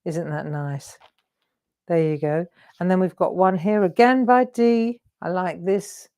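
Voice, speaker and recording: A middle-aged woman leads a live craft demonstration in a chatty, encouraging way. Her voice sits a little low for a woman, and she keeps checking in with viewers as she works. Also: measured pace, a little mellow, clean tone. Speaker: craft show host.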